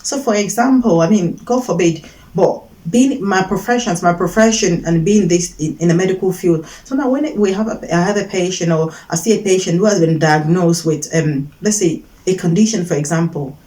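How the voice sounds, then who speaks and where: A woman's voice: on the low side, normal speed, mellow, low-quality recording. A woman giving an earnest faith-based teaching talk, repeating her points for emphasis and acting out short quoted voices. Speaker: Christian teacher giving advice.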